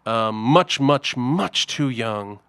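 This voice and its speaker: A man's voice: mid-range voice, expressive, slow pace, a bit bright, clean tone, no echo. A man hosting a guitar reaction channel, talking in a chatty, wry way with self-mocking asides. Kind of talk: casual reaction-video commentary.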